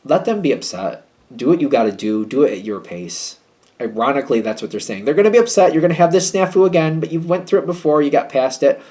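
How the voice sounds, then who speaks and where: A man reads tarot for his viewers in a loose, chatty way, hedging his points with a wry, slightly snippy edge. His voice sits a bit high for a man and swings widely up and down as he talks. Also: expressive, fast talker, dark tone. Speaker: tarot reader. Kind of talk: casual tarot reading video.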